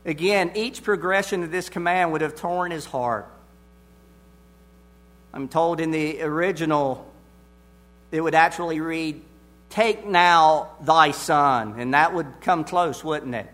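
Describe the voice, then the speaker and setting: A man preaching an expository sermon, deliberate and emphatic, repeating his key phrases. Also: fairly high pitch, a bit bright.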